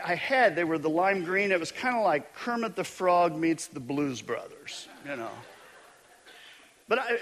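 Middle-aged man, pastor, slightly high voice, lively storytelling sermon with self-deprecating jokes. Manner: storytelling, animated, self-mocking humor.

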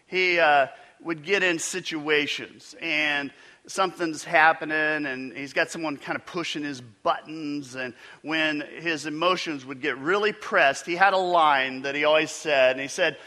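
A man's voice: on the high side, a little slow, pushed and bright. A pastor preaching a conversational sermon in a church, asking his congregation questions as he goes.

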